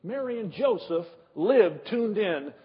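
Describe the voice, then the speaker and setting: Husky preacher with a lively high voice. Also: male voice. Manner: emphatic, rhetorical questions, drawn-out pauses. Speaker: pastor. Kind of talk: sermon. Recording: dull echoey hall.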